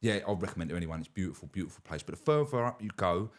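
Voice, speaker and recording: A man's voice: deep voice, lively intonation, racing. A man from Kent, a podcast guest telling stories in a blunt, rambling, sweary way. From Kent, England. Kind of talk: casual chat.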